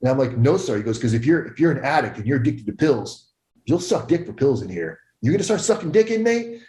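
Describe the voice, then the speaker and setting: A man's voice: mid-range voice, expressive, fast, warm tone. A young adult man telling a story casually as a podcast guest, swearing often and acting out the voices of others. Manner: profane, acts out others' voices. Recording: roomy echo.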